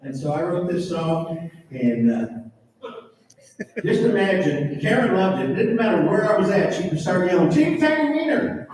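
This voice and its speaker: A man's voice: high voice, expressive, normal speed, darkish tone, slight background noise. A singer-songwriter telling a funny story to a crowd between songs at a tribute show, laughing at his own lines. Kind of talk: humorous stage banter between songs. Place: live music venue with audience. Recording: echoey hall from far off, music playing.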